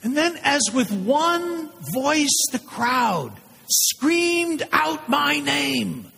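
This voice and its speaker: A man voicing a condemned male prisoner awaiting crucifixion, telling his story in a first-person dramatic monologue with intense pauses. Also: very high-pitched, very animated, gravelly, sharp tone, full character voice. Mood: somber. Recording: long hall reverb.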